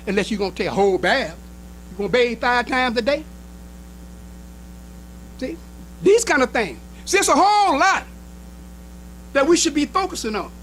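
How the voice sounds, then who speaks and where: A minister preaching a sermon in an emphatic style, with short repeated phrases and speech. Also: male voice, extremely high pitch, pushed and bright, slight background noise, low-quality recording. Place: temple hall.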